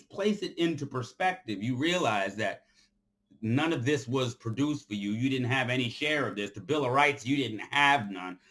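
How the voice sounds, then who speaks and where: A man of middling pitch delivers a fired-up, unscripted lecture to his followers. He hammers home his points by repeating lines, now and then surging to loud outbursts before dropping low and quiet. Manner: forceful and preachy, repeats phrases for emphasis. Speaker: commentator addressing his followers. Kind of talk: off-the-cuff impassioned monologue.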